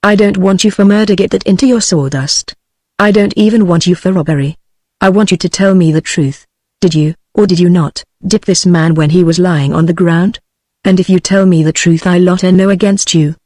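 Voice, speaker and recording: A woman's voice: lowish voice, normal speed, dry recording, studio quality, close to an everyday voice. A British English female synthetic voice reading the lines of a genial, unctuous middle-aged male chief inspector in an audiobook. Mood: scornful. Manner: even synthetic speech reading all parts.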